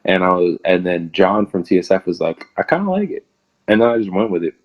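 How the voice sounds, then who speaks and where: A man's voice: deep voice, fairly even intonation, quick pace. A young man, a pro wrestler, telling rambling stories in a casual interview and laughing often. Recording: dull lo-fi audio.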